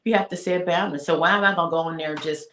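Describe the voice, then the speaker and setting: A woman speaking on a talk show about faith and life. She is emphatic and preachy, repeats her points and slows down to stress them. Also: on the low side, steady tone, fairly bright tone, a little hiss or hum. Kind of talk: casual faith-based talk. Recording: roomy echo.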